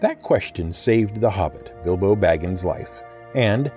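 Male podcast host, scripted narration; low, mellow, lively delivery over faint music. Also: a little slow. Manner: expressive, playful storytelling.

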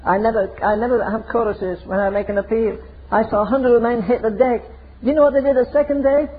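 An older man delivers a fiery sermon, hammering points home with rhetorical questions. His voice sits very high and sounds husky. The recording is thin and tinny, like it came over a phone line. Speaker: preacher.

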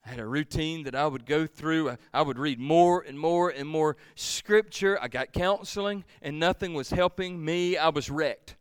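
Guy preaching, gets real loud then real quiet, voice on the higher side, dry close sound. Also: moderate pace, hardly any pauses, clean tone, dry recording. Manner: swings from loud pleading to hushed near-whisper. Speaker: pastor. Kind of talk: sermon.

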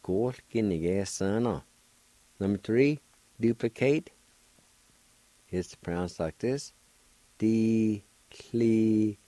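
A man giving a patient radio pronunciation lesson, spelling words and repeating each syllable slowly. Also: lowish voice, expressive, mellow, no echo. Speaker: radio language teacher. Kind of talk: slow word-by-word pronunciation lesson.

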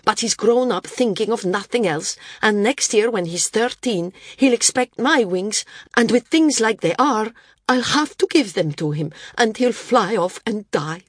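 A woman voicing an awkward, self-conscious middle-aged man who speaks low and haltingly. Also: expressive, dry recording, clean studio sound.

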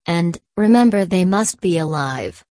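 A brisk, commanding fairy godmother, as a woman reader puts her on from a storybook. The voice sits low and the orders come quick and firm. Dry, close sound. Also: animated, mellow, no echo.

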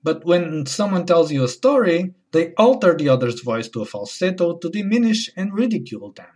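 A man delivering a wry, deadpan comedy monologue as host. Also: fairly high pitch, a little fast. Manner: deadpan, wry, switching into mocking voices.

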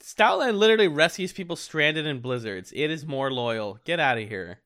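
A man's voice: on the high side, lively intonation, moderate pace, a bit bright. A man co-hosting a podcast in casual chat, playful and jokey, laughing at his own lines. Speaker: podcast co-host.

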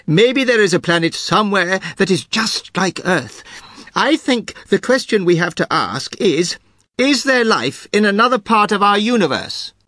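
A man's voice: high voice, bright, forceful tone, no echo, clean studio sound, heavily acted. A man voicing an earnest doctor in a told joke, working through a question about the stars.

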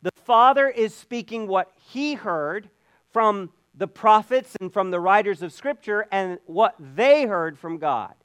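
A man's voice: sits high, animated, unhurried, fairly bright tone, clean tone, no room sound. A man preaching a sermon in an earnest way, often repeating words as he builds a point. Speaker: pastor.

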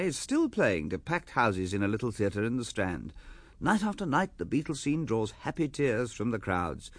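A man narrating a radio drama as a measured storyteller. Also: on the low side, slightly rough, no echo. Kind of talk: scripted narration.

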